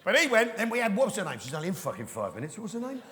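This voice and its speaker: A man's voice: sits high, wildly swooping pitch, very fast, fairly bright tone, a little hiss or hum. A man doing a live stand-up routine in a big theatre, ranting and swearing and constantly checking in with the crowd. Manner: ranting, swearing, keeps prodding the crowd with "right?". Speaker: stand-up comedian. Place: large theatre with a live audience. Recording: reverberant live venue sound.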